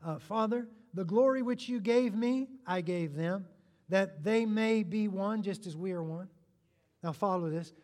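A high-pitched male preacher gives a sermon at a measured pace, animated and energetic, with jokes aimed at the congregation. His voice echoes with a long reverb, as though in a large hall.

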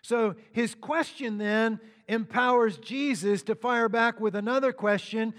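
A man's voice: very high voice, fairly even intonation, measured pace, few pauses, a bit bright, big-room sound. A man preaching a sermon, walking through scripture verse by verse with conversational asides to the congregation. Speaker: pastor.

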